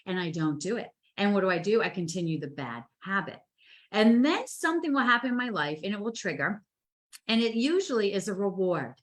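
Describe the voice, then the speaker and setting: A woman co-hosting a casual live chat, telling animated stories that act out her own inner voice. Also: mid-range voice, fairly quick. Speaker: co-host. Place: home, over a live stream.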